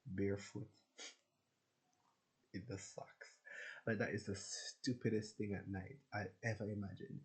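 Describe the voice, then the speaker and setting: Brief: male vlogger, lowish voice, candid and profane, rambling monologue. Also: level tone, a little slow, long pauses, poor audio. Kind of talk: rambling personal rant.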